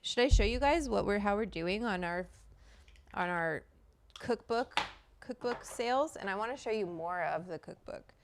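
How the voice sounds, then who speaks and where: A woman's voice: mid-range voice, animated, normal speed, a little hiss or hum. A woman hosting a livestream, chatting casually, greeting viewers by name and swearing freely. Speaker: livestream host.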